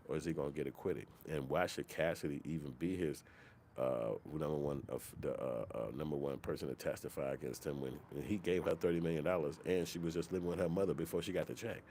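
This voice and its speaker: Deep-voiced man ranting casually. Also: quick pace, a little hiss or hum. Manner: profane, animated, slips into mock quoted voices. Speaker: commentary channel host. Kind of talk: casual opinion rant.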